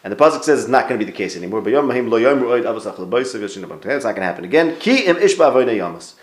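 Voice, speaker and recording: A man's voice: on the low side, expressive, rapid-fire. A man leading an informal Torah class, talking things through and asking his students for words. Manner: conversational, thinks aloud, restarts and quizzes listeners. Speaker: Torah teacher. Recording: roomy echo.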